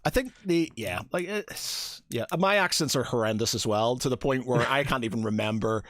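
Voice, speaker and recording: A man's voice: medium pitch, moderate pace, a bit bright, dry recording, clean studio sound. A man co-hosting a podcast, chatting loosely and laughing easily. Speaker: podcast co-host. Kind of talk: casual chat.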